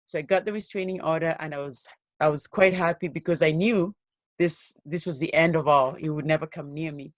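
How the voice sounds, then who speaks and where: A woman giving an interview as a guest, telling her own life story in an earnest, steady way. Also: low-pitched, a little fast, no echo, dull audio. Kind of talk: personal story told in an interview.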